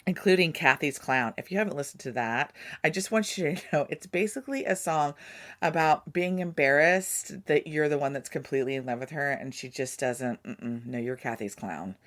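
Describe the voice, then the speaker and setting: Chatty low-voiced woman. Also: moderate pace, fairly bright tone. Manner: chatty, playful asides to listeners. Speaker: podcast host. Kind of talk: casual storytelling.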